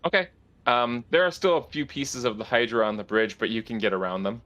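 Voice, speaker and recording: Bright-voiced man as game master. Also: medium pitch, brisk. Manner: descriptive, with frequent restarts and fillers. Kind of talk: narrating a tabletop game.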